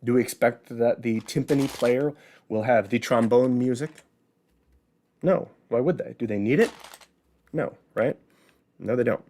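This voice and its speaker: A man's voice: mid-range voice, unhurried, long pauses, darkish tone. A man with a Chicago accent hosting a casual solo show, chatty and explaining things by asking and answering his own questions. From Midwest, Illinois. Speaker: host. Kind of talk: casual educational monologue.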